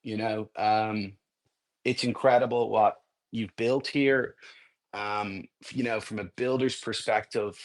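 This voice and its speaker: A man's voice: on the low side, steady tone, slow pace. A man on a podcast, a game builder, speaking hesitantly with many fillers. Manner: hesitant, warm, full of fillers. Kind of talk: casual chat.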